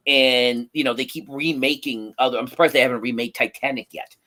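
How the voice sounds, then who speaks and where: A man co-hosting a casual chat, animated and opinionated, often chiming in with agreement. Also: medium pitch, a little fast. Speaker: co-host.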